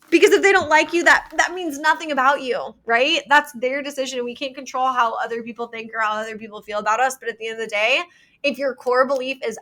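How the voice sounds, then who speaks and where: A woman's voice: sits high, fast talker, bright, forceful tone. A young woman hosting a podcast, talking casually and earnestly, full of "like" fillers. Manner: chatty, many "like" fillers, earnest advice. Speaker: podcast host. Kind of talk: casual solo podcast talk.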